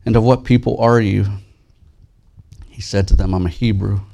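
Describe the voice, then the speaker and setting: A man preaching a sermon as pastor, soft and slow in prayer, lifting his voice when he reads scripture aloud. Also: lowish voice, fairly even intonation, gravelly. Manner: earnest, rises and grows louder when reading scripture.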